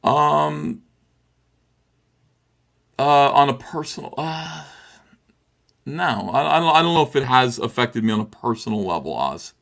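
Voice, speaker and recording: Gravelly impassioned middle-aged man. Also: medium pitch, sing-song, unhurried, pauses often, fairly bright tone. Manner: impassioned, repetitive, restarts with many "uh"s. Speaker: livestream guest. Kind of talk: heated livestream talk.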